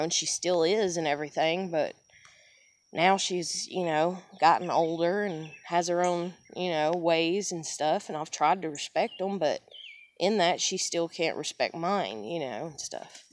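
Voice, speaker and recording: A woman's voice: fairly low pitch, unhurried, slight background noise. A woman in a casual personal monologue. She talks candidly, swears often, rambles, restarts sentences and keeps saying "you know.".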